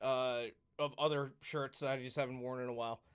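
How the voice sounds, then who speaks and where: A man's voice: mid-range voice, fairly even intonation, fairly quick, clean tone. A man co-hosting a casual podcast chat, easygoing and agreeable, chiming in often. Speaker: podcast co-host.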